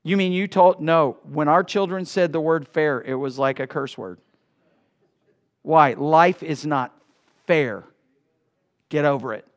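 A middle-aged male pastor preaching a sermon in a church, swinging between loud bursts and hushed asides. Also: fairly high pitch, a little slow, long pauses. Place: church sanctuary.

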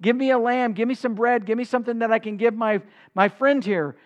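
A man's voice: very high-pitched, fairly quick, highs cut off. A man acting out a desperate man in a parable who begs his neighbor for bread late at night, pleading urgently in a raised voice.

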